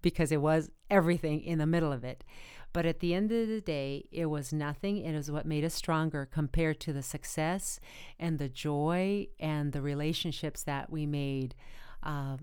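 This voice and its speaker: A woman's voice: deep voice, normal speed, darkish tone, smooth, dry recording, studio quality. A woman speaking earnestly as a podcast guest, encouraging listeners. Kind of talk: motivational podcast conversation.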